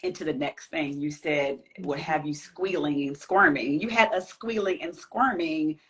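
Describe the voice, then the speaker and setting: A woman hosting a casual book interview, playful and teasing, giving soft "mm-hmm" replies as she listens. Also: low voice, unhurried. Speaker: podcast host and interviewer.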